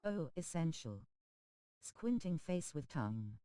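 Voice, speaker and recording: This is a synthetic voice reading viewer chat on a game stream. Its tone is soft and warm, and the delivery stays smooth and even. It reads emoji names and abbreviations out literally, with a dry, close sound. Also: mid-range voice, normal speed, dry recording, rough recording. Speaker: text-to-speech chat reader on a game stream.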